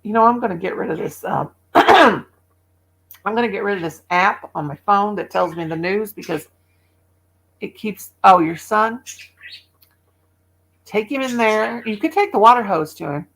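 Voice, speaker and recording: A woman's voice: mid-range voice, normal speed, long pauses, a bit bright, low-quality recording. Chatty Midwestern woman in her sixties. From American Midwest. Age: 60s. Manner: chatty, rambling, laughs often. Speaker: livestream host. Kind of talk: casual chat with viewers.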